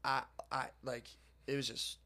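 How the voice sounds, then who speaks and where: A young man casually telling a long story to a friend, animated and swearing as he goes. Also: medium pitch, measured pace. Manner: animated, swearing, lively retelling.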